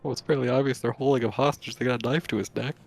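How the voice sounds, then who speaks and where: A man playing a tabletop game states the obvious in a brisk, plain way. His voice is quick and slightly gravelly, over faint music. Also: mid-range voice, fairly even intonation. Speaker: player.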